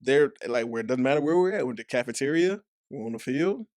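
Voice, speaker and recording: A young man with a Texas accent tells rambling stories, heavy on "like" and acted-out quotes. His voice sits at a middle pitch and swings up sharply when he imitates people. The sound is dry and close, with no room echo. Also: lively intonation, quick pace, a little mellow. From Dallas, Texas. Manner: loose, profane storytelling full of "like" and acted-out quotes. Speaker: podcast guest, former football player. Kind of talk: casual chat.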